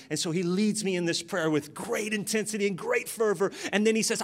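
A man preaching a sermon, telling a personal story with animated delivery and acted-out voices. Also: high voice, a little fast, hardly any pauses. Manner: animated, acts out voices in his stories. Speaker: pastor.

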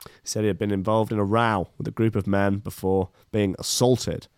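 A man's voice: on the low side, little pitch movement, moderate pace, a little mellow, clear, resonant tone, dry recording, clean studio sound. A man reading news articles aloud and commenting on them casually, with sardonic, rambling asides.

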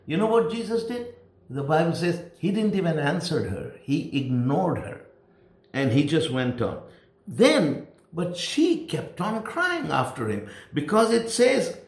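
A man's voice: on the high side, reverberant. A man preaching a sermon, emphatic and repeating words to drive points home.

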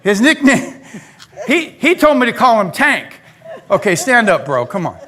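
A male pastor preaching a lively sermon in a church, talking straight to the congregation. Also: sits high, unhurried. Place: church sanctuary.

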